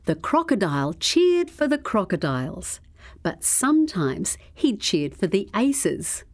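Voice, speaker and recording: A woman reading a children's story aloud in a slow, expressive, measured way. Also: medium pitch.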